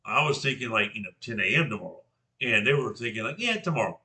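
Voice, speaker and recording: Speaking quickly in a lowish, sharp-toned voice, this older Georgian man presents informally to a class. He enunciates with care, though he keeps starting his sentences over.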